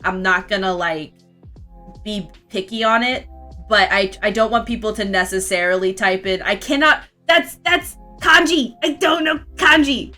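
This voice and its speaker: Young woman streamer, vaguely Southern, bright and giggly, rambling chat over faint music. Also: mid-range voice. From Florida, US. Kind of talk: casual chat while drawing and reading chat.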